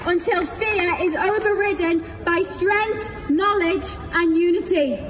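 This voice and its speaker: A woman's voice: extremely high pitch, takes it slowly, fairly bright tone. A woman giving a defiant, rousing speech at an outdoor rally. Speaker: protest speaker. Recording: roomy PA sound with crowd noise. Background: crowd and noise.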